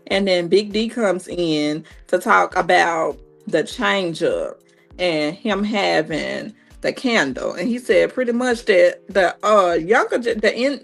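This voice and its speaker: A woman in her thirties doing a casual, animated recap of a reality show, full of slang and quoted reactions. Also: medium pitch, gravelly. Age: 30s.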